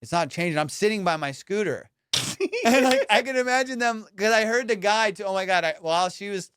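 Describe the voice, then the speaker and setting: A young man hosting a comedy podcast, telling a story in an animated, slangy way, acting out voices and laughing often. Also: sits high, fairly quick, smooth, no room sound.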